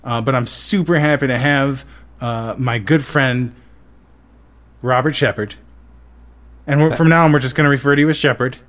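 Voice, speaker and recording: A man hosting a casual podcast, excitable and rambling, with many fillers. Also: mid-range voice, normal speed, pauses often. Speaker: podcast host.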